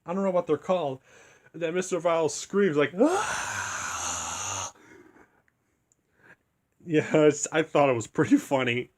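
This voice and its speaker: A young man quietly retelling a story in a rambling, casual review, keeping his voice down so he won't wake anyone. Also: a little high, a little fast. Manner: rambling, hushed to keep from waking others.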